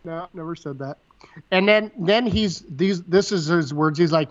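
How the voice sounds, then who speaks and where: A man with a fairly high voice rattles through a story at speed, quoting the other people in it word for word and swearing freely. The recording sounds dull and lo-fi, as if the sound has been muffled. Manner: fast, repetitive retelling with quoted dialogue and swearing. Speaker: podcast co-host. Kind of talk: casual storytelling chat.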